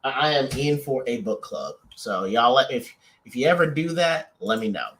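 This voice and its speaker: A man co-hosts a casual couples podcast, his voice at an ordinary middle pitch. He rambles through restarts and fillers and teases his partner playfully. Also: expressive, moderate pace, a bit bright. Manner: playful teasing. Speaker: podcast co-host.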